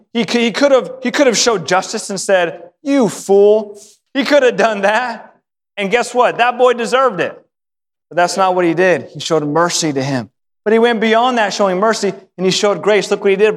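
A male pastor preaching a sermon, telling a story with lively acted voices and repeating words when excited. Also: sits high. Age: adult, married. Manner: animated storytelling, acting out voices of the father and son. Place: church sanctuary. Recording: hall reverb.

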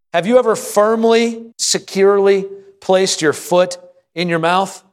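Man preaching a sermon, somewhat high voice. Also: moderate pace. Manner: preaching with call-and-response to the congregation; reads scripture aloud and acts out an anxious prayer. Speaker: pastor.

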